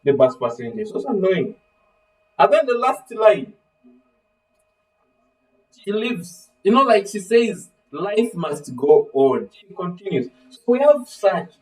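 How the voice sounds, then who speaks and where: A man's voice: high voice, unhurried, long pauses, far from the mic, low-quality recording. A man teaching a literature lesson, calling on students by name and asking fill-in-the-blank questions. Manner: animated, acts out voices of characters. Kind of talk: live online literature lesson.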